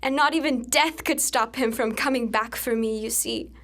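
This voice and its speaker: A young woman performing a spoken word poem with an intense, dramatic delivery that swings between hushed passages and urgent outbursts. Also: a little high, normal speed.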